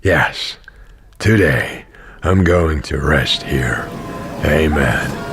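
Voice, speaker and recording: A man's voice: rumbling low, lively intonation, over music, exaggerated voice. A man narrating an audio drama as a tired, cynical wandering pilgrim. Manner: dry, tired, slow narration. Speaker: narrator and main character.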